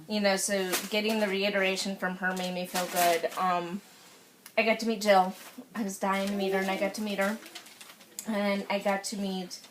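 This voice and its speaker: A woman, a sales consultant, talking casually and emotionally to her group, searching for words as she gushes. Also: medium pitch. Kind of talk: casual group sharing at a meeting. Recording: noisy room recording.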